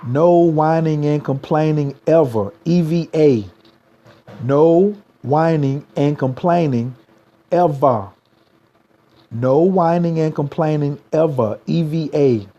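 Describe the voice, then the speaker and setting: A man's voice: on the high side, takes it slowly, mellow, dull audio. A man, giving a motivational livestream talk as a spiritual coach, repeating slogans and urging viewers to type them.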